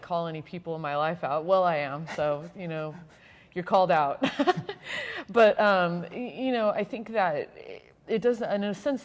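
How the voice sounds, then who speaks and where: A woman from the Texas-Mexico border, co-hosting a political discussion, thoughtful and laughing often. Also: sits low. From Texas-Mexico border, USA. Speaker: co-host. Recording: long reverb.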